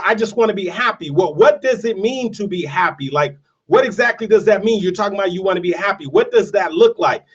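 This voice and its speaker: A man with a high voice gives a motivational talk. He tells a story in an emphatic, repetitive way and keeps pressing his point. The sound is muffled and a little distant from the mic. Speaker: motivational speaker. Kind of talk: motivational monologue.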